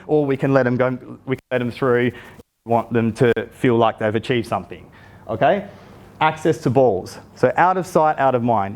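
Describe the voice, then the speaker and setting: A man's voice: medium pitch, a little mellow. A man in his thirties, a youth football coach, giving a conversational workshop talk to parents and often checking in with his listeners.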